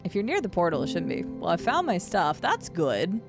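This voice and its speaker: Woman streamer, casual chat, very animated pitch, laughs a lot. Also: fairly quick, creaky, music in the background. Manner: chatty, laughs often, talks to chat and players.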